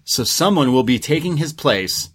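A man in the middle of a casual recap chat, talking at an ordinary, mid-range pitch. He strings events together loosely, with plenty of "uh" and "like" along the way. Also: moderate pace, husky. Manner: relaxed, rambling play-by-play with fillers. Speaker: podcast co-host.

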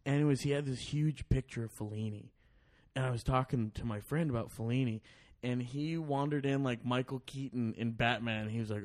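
A man's voice: medium pitch, a little fast, darkish tone. Profane rambling storyteller man. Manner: profane, rambling with restarts and acted-out quotes. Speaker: podcast guest. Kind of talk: casual storytelling.

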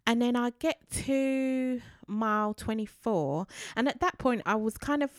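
A woman's voice: on the high side, unhurried, no room sound. A woman chatting casually as a guest, telling her story with lots of life and acting out what people said. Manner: animated storyteller, acts out quoted voices. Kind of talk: casual chat.

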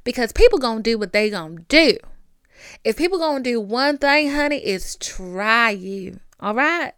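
Sassy Southern woman, smooth voice. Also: a little high, lively intonation, normal speed, a bit bright, dry recording, studio quality. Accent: Southern US country. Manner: sassy, emphatic, talks straight to the listener. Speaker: podcast host. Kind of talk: casual advice monologue.

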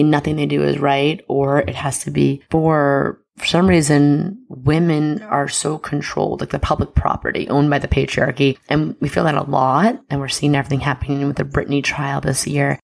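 A woman's voice: sits low, creaky. A woman hosting an astrology podcast, talking in an impassioned, emphatic and chatty way with lots of fillers. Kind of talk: casual podcast monologue.

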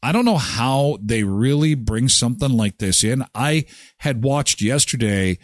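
A man hosting a live daily show, chatting casually in an animated, joking way. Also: a little slow, no room sound, studio quality. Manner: animated, joking, swings in pitch.

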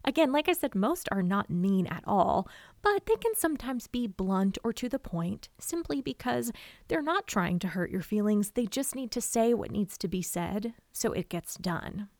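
A woman giving casual writing advice to camera, expressive and chatty, often acting out quotes. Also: mid-range voice, normal speed, dry recording, studio quality. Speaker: writer and vlogger.

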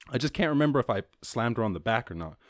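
A young Irish man hosting a casual solo podcast, rambling and swearing freely, acting out quotes in a higher voice. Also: expressive, fairly quick, no room sound, clean studio sound. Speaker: podcast host.

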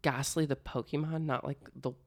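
Podcast cohost, mid pitch, laughs a lot, jumps in with quips. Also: steady tone, gravelly. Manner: quick to laugh, chiming in. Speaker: podcast co-host. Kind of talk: casual chat.

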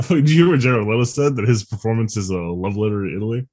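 A man with a lowish, husky voice chatting as a podcast co-host. He jokes easily and laughs along with his partner. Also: fast talker, darkish tone. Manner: laughing, joking, easygoing. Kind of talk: casual chat.

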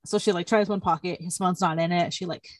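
A woman's voice: fairly low pitch, steady tone, brisk, no echo. A young woman casually retelling a story to a friend, rambling and full of "like" fillers. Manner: rambling, heavy use of "like" fillers. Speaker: storyteller recapping a plot. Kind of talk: casual chat.

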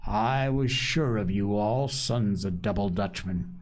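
A man's voice: on the low side, slow. A man voicing a sly, scornful old pirate cook who talks in a growling pirate dialect. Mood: scheming.

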